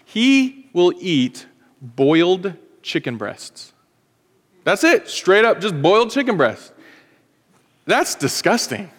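A man's voice: high voice, very animated, takes it slowly, long pauses, long reverb tail. A man in his forties preaching a sermon, conversational and joking, speaking as a pastor to his congregation.

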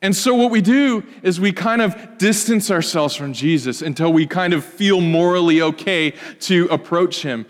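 A man delivers a sermon from the pulpit, his voice pitched notably high. He moves between loud, emphatic stretches and soft, hushed asides. A long reverb trails each phrase, as in a large church hall. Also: moderate pace, few pauses. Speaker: pastor.

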